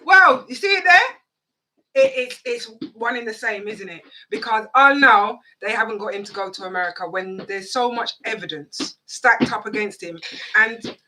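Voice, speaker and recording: Emphatic woman co-host, high lively pitch. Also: normal speed, slight background noise. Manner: emphatic, chimes in with agreement. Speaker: radio show co-host. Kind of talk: impassioned show chat.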